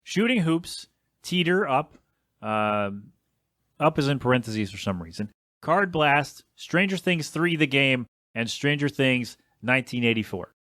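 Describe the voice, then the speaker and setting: A man's voice: medium pitch, lively intonation, a little slow, fairly bright tone, no echo, studio quality. A young adult man hosting a casual solo podcast, rambling and complaining in an exasperated way with some swearing. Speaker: podcast host.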